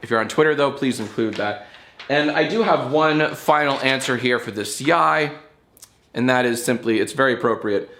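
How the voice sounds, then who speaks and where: Male host, casual and rambling, playful delivery, mid-pitched everyday voice. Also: normal speed, fairly bright tone, slight background noise. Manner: rambling, playful, explains with repeated "all right?". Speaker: YouTube show host. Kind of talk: casual talk to camera.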